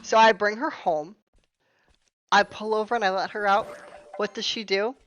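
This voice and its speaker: A woman's voice: medium pitch, steady tone, normal speed, low-quality recording. Young woman, storytime vlogger, sarcastic and exasperated with plenty of swearing, mid-range voice. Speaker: storytime streamer. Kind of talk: storytime vlog.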